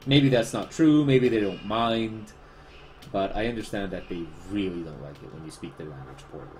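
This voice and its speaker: A man's voice: lowish voice, normal speed, darkish tone, slight background noise. A man with a Spanish accent, a livestreaming artist chatting casually, rambling and self-deprecating as he answers chat.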